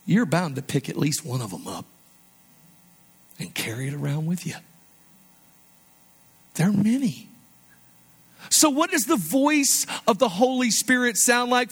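Pastor, man, high-pitched, animated conversational sermon delivery with soft low asides. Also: a little slow, pauses often.

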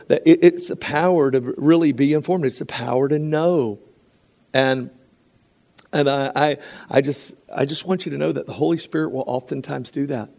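A man preaching a sermon, telling lively stories and acting out quotes, with frequent restarts. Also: mid-range voice, creaky. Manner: animated storytelling with acted quotes and frequent restarts.

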